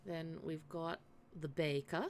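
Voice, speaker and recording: A woman streamer chats her way through a cozy game, rambling and poking fun at herself as she plans character voices. Her voice is low and gravelly, unhurried, over a faint hiss of background noise. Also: flat delivery, darkish tone. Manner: chatty, self-deprecating, thinking aloud. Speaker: live-streamer. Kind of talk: casual gaming stream chat.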